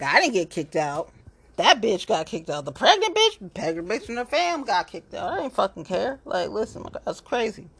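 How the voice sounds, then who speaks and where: A woman's voice: fairly low pitch, husky. A woman talking in a casual monologue, blunt and heavily profane, rambling from one complaint to the next. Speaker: local political activist.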